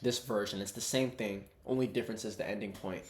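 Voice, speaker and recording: A man's voice: lowish voice, fairly even intonation, a little fast. Man preaching casually in an echoey room. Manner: conversational, calls viewers "bro". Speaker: online Bible teacher.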